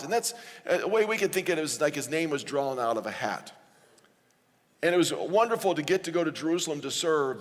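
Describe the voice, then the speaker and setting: A man preaching a sermon as pastor, in a relaxed conversational way that acts out quoted lines. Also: on the high side, in a large hall. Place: church sanctuary.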